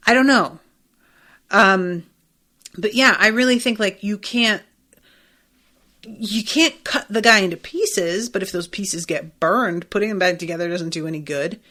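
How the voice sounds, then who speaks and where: A woman's voice: mid-range voice, a little slow, sharp tone. A woman hosting a podcast, recapping an episode in a loose, chatty, profane way, full of fillers and quoted asides. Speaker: podcast host. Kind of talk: casual solo recap.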